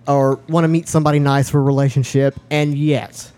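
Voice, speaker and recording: A man's voice: mid-range voice, flat delivery, a little fast, mellow. A man co-hosting a podcast in casual chat, rambling and restarting his sentences, often mimicking voices as he tells stories. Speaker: podcast co-host.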